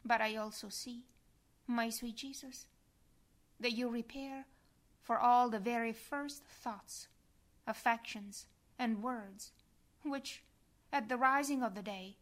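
A woman reading a devotional meditation aloud in a soft, prayerful manner that sometimes drops to a whisper. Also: a little high, fairly even intonation, slow pace, long pauses.

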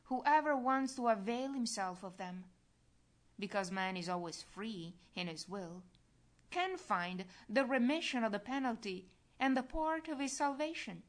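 A woman giving a slow, solemn, earnest devotional reading. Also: a little high, animated. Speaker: reader.

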